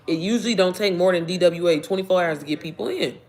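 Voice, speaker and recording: Fast-talking animated woman telling a story. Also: on the low side. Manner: animated, profane, addresses viewers as y'all and baby. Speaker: online business coach. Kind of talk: casual storytime vlog.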